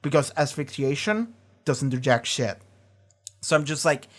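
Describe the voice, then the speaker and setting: A man with a medium-pitched voice gives lively, offhand reaction commentary from his home stream setup. He talks a little slowly, swears a lot, and keeps restarting his sentences as he wanders on.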